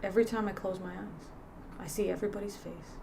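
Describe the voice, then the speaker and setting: A woman's voice: medium pitch, fairly even intonation, fast, gravelly, recorded from a distance, background noise, natural voice. Woman voicing a haunted, pleading scarred sergeant. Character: scarred, emotionally unstable male army sergeant.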